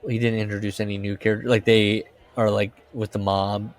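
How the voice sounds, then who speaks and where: Man, lowish voice, casual podcast co-host, loose and profane, reads story passages aloud. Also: flat delivery, brisk. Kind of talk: casual chat and reading aloud.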